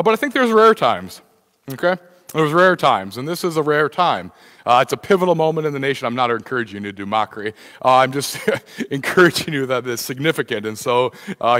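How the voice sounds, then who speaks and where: A pastor preaching a conversational sermon, often restarting phrases and filling pauses with "uh" and "you know.". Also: male voice, mid-range voice, lively intonation, a bit bright. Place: church sanctuary. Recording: reverberant church hall.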